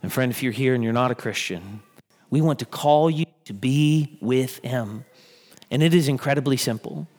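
A man's voice: mid-range voice, normal speed, darkish tone. A man preaching a sermon in an earnest way, building to emphatic peaks. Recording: long hall reverb.

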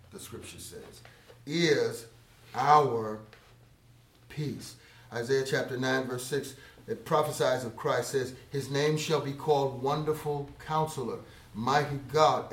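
A man preaching a sermon, swelling loud on key phrases, then dropping to a near hush, and drawing words out slowly for emphasis. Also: fairly high pitch, roomy sound. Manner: slow, drawn-out emphasis on scripture words. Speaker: pastor.

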